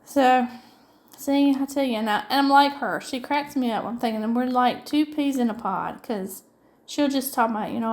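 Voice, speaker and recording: A woman's voice: fairly high pitch, normal speed. A middle-aged woman with a Southern US accent from upstate South Carolina, chatting in a rambling, folksy way while she crafts. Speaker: diamond painting vlogger.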